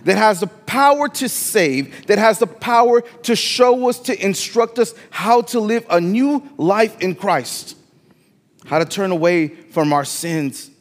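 A man's voice: high voice, lively intonation, unhurried, big-room sound. A man with a Latino accent preaching a sermon as pastor, emphatic and repeating phrases for weight in a church sanctuary.

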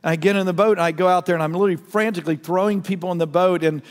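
A middle-aged man preaching a sermon as pastor, telling a story earnestly and swinging from soft asides to loud, urgent peaks. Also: high voice, steady tone, rapid-fire. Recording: long reverb of a large hall.

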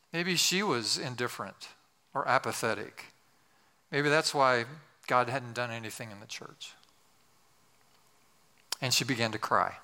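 A man's voice: mid-range voice, pushed and bright, long reverb tail. An older male pastor telling a story in a sermon, with humorous, self-deprecating asides.

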